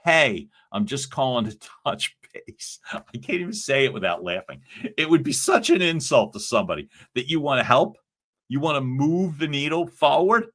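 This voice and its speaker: A man's voice: medium pitch, a bit bright. A man coaching salespeople on a live stream, talking with energy and emphasis and acting out sample phone lines.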